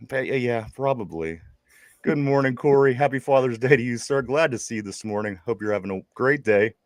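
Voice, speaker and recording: A man's voice: mid-range voice, brisk, dry recording, studio quality. A man with a Pittsburgh accent, co-hosting a casual sports podcast and telling a rambling story, stammering and repeating his words. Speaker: podcast co-host.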